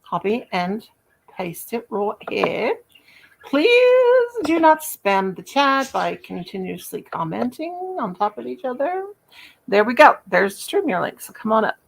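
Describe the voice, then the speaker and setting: A woman's voice: on the high side, big pitch swings, measured pace, gravelly, low-quality recording. Playful Southern woman hosting a livestream. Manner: playful, sings nonsense syllables, chatty. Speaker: crochet livestream host. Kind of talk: casual live chat.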